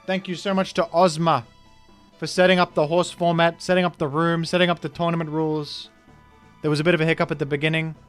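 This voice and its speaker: A man calls a live online game tournament as its host, his slightly raised voice full of playful hype. He jumps from loud excitement to a softer, rambling sign-off. Faint music plays behind him. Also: on the high side, quick pace, smooth. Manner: excitable, playful, swings from shouting hype to quiet wrap-up. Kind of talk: live esports commentary.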